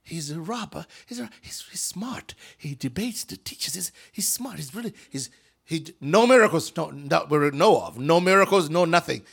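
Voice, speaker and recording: A man from Africa, a guest preacher, telling a Bible story in an animated sermon, acting out voices and swinging from whispers to shouts. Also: fairly high pitch, normal speed, gravelly, husky.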